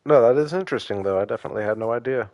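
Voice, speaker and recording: A man talks easily to his viewers during a gaming stream. His delivery is loose and teasing, broken by small pauses and fillers. His voice sits at an ordinary middle pitch. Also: dry recording. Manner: relaxed, joking, hesitant with fillers. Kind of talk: casual live-stream chat with viewers.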